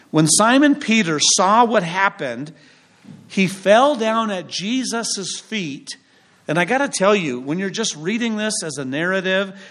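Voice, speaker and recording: A male pastor preaching a sermon with an emphatic, rising and falling cadence and dramatic pauses. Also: high-pitched, a bit bright.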